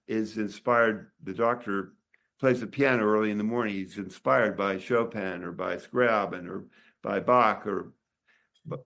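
Rambling older man, low voice. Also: creaky, a bit bright. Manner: rambling, halting, many restarts. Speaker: author and doctor. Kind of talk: casual interview chat.

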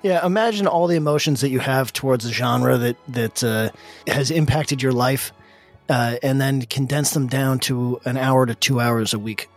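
A man's voice: mid-range voice, moderate pace. A man co-hosting a music podcast, promoting it in an easygoing way. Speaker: podcast co-host doing a promo.

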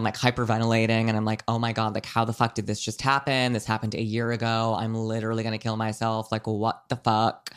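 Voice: mid-range voice, clear, resonant tone. A young adult telling a long story in casual chat, rambling with many fillers and frequent swearing.

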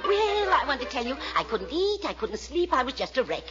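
A woman's voice: sits high, very animated, over loud music. An actress playing a fussy older mother who gushes and talks down to everyone, in 1940s radio acting style. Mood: gushing. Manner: gushing, drawn-out, talks down to others. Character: fussy, gushing older mother, sweetly condescending. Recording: dull old radio recording.

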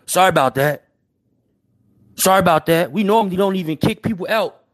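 A young man with a Chicago accent, from Chicago, hosts a livestream and chats casually to viewers in brash street slang, repeatedly apologizing. His voice is high and a little fast.

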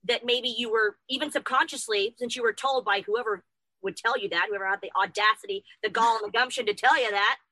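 A woman hosting a chat show rambles warmly with plenty of fillers. Her voice is high and bright, and she talks quickly. The sound is dry and close. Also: no room sound, low-quality recording. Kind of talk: casual chat.

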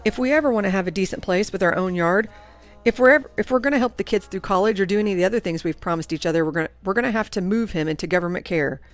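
A woman's voice: medium pitch, rapid-fire, faint music behind, natural voice. A woman voicing a worn-out mother who speaks in a pleading, emotional way. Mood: desperate. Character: worn-out mother, tender then desperate.

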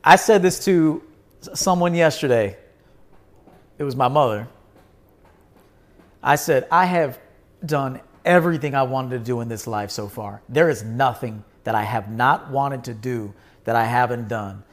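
A man's voice: mid-range voice, a little slow. A man hosting his own show, talking in a blunt, emphatic monologue, swearing and repeating himself for force. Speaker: podcast host. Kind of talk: casual livestream monologue.

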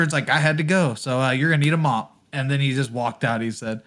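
A man's voice: medium pitch, fast talker, few pauses, fairly bright tone. A man co-hosting a podcast, ranting profanely in casual chat and laughing often. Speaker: podcast co-host.

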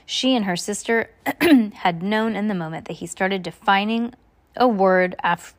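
A woman reading a novel aloud, stumbling and restarting often. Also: mid-range voice. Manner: halting, with many restarts. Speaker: reader.

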